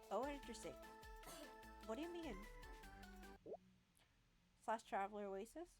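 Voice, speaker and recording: A woman hosting a gaming video, reading a text adventure aloud with playful, chatty commentary and the odd stumble. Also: a little high. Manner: playful, chatty, says "lol" aloud, stumbles over words while reading.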